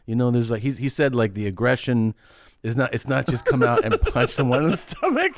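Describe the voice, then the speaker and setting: Man, podcast co-host, lively swooping voice, dry close sound, bursts of laughter. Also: fairly quick, no echo. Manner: animated storyteller, bursts into high laughter. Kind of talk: casual podcast chat.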